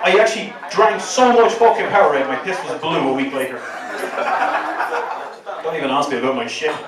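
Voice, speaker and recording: Dublin-accented male stand-up, high, lively and foul-mouthed, heard from afar in a packed, echoey bar. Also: fairly quick. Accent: Dublin Irish. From Ireland. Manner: profane, animated storytelling. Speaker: stand-up comedian. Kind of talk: stand-up comedy set. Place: crowded bar at an open mic. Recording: echoey bar, far from the mic, crowd noise.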